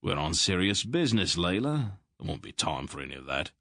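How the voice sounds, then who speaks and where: A middle-aged king speaks awkwardly, embarrassed and trying to sound firm, as a male narrator puts him on. His voice is deep and close, with no room sound. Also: big pitch swings, a little fast, a bit bright, no echo, exaggerated voice. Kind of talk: audiobook character voice.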